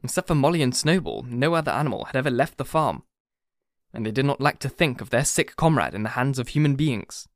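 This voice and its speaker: A man narrating an audiobook with steady, even reading. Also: medium pitch, brisk, no echo, studio quality. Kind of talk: scripted narration.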